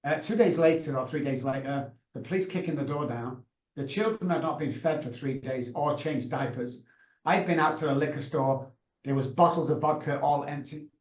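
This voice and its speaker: A man's voice: a little high, moderate pace. A middle-aged man, a guest on a video call, telling his story with passion and emphasis. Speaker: guest, addiction consultant. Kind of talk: emotional storytelling. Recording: roomy echo.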